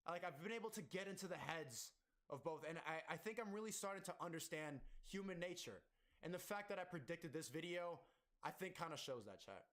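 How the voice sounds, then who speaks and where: A male streamer rambles on a stream clip, emotional and full of "like" and false starts. His voice sits somewhat high for a man. The talk is loose and unscripted. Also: expressive, fairly quick, a bit bright. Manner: emotional, rambling, filler-heavy.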